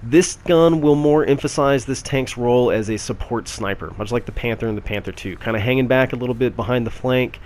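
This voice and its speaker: A man's voice: medium pitch, fairly quick, few pauses, darkish tone. Chatty man commentating a tank game. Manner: casual, chatty, fillers and self-corrections. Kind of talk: gameplay commentary.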